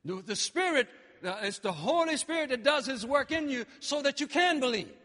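A man preaching a sermon with passion, dropping low and then rising to shouts. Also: lively intonation, moderate pace, long reverb tail. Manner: impassioned, swings between quiet and shouting.

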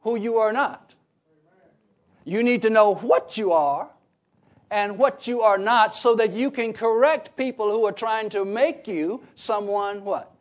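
A man preaching a Bible teaching sermon, emphatic, often pausing on "what?" so listeners fill in the words. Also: high-pitched. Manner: emphatic, repeats key phrases. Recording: dull lo-fi recording.

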